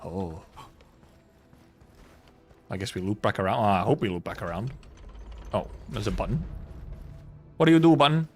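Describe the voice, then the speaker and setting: A young man streaming a video game, thinking out loud with playful, swearing, laughing casual commentary. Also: fairly low pitch, big pitch swings, moderate pace, long pauses, husky, soft background music.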